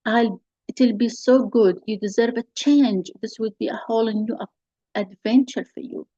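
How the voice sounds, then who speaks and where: A bossy older sister who is sure she knows best, as a woman reads her out. She is coaxing and insistent, and her tone is mellow and low-key. The recording is dull and dry. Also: steady tone, moderate pace, dry recording, close to an everyday voice. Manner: insistent, persuasive. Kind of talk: reading a play scene aloud.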